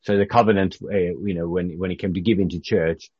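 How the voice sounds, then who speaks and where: A low, slightly husky man from Britain leads a relaxed Bible study group. He talks in a loose, halting way, often restarting his sentences. The recording is dry and a little muffled. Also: dry recording. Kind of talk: informal Bible teaching.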